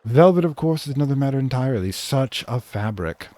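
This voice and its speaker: A man's voice: mid-range voice, animated, brisk, mellow, pitched above the performer's own voice, natural voice. A man voicing a refined, sociopathic female seamstress who speaks in a haughty, mannered way. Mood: rapturous.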